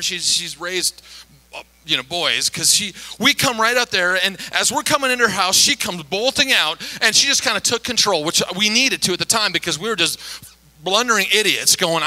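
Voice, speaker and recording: A middle-aged pastor tells a story to his congregation with plenty of animation. His voice sits high for a man and sounds very bright and forward. He slips into the voices of the people in the story as he goes. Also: moderate pace, rough recording. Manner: animated, acts out quoted voices. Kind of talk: storytelling sermon.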